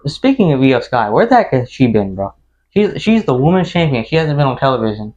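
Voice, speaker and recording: A young man co-hosting a podcast in casual chat, excitable and dropping "bro" often. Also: medium pitch, brisk, dull audio. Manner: excitable, says "bro" a lot. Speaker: podcast co-host.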